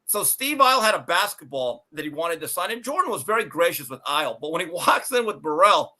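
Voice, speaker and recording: A man hosting a sports talk show, telling stories in an animated, emphatic way and swearing freely. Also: fairly high pitch, a little fast.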